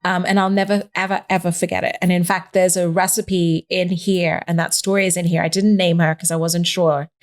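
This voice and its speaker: A woman's voice: lowish voice, a little fast, hardly any pauses. A woman, a podcast guest telling stories in casual chat and acting out the voices of people she quotes. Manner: animated storyteller, acts out voices in quotes.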